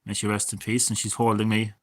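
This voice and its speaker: A man in his thirties, chatting casually and swearing a lot as a gaming streamer, drifting between loud remarks and mumbled asides. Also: fairly low pitch, monotone, quick pace. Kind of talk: casual rambling commentary.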